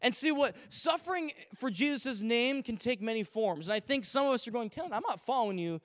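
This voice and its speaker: High-voiced man preaching in a reverberant hall. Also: a little fast. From Canada. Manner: animated preaching with acted asides and humor. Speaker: pastor. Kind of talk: sermon. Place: church sanctuary.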